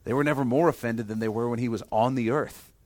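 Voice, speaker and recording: A man preaching a sermon as pastor, earnest and emphatic, dropping to a quiet intensity on heavy points. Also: mid-range voice, fairly even intonation, fast talker, no room sound. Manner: earnest preaching, stresses key lines, drops to soft intensity.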